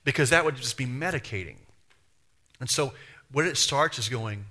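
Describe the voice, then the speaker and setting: Bright-voiced man preaching conversationally. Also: medium pitch, expressive, moderate pace, long pauses. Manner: conversational preaching full of rhetorical questions, acts out quotes. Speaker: pastor. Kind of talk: sermon.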